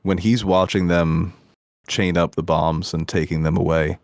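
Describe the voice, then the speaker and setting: A man with a very low voice chatting on a movie podcast, close and dry with no room sound. He drops wry jokes into his takes. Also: fairly even intonation, a little slow, no room sound. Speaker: podcast co-host. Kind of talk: casual film review chat.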